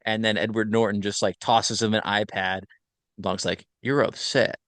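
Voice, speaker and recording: A man casually recapping a film plot on a podcast, rambling with many fillers and quick self-corrections. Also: lowish voice, level tone, a bit bright, no room sound. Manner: rambling, filler-heavy retelling. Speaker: podcast host.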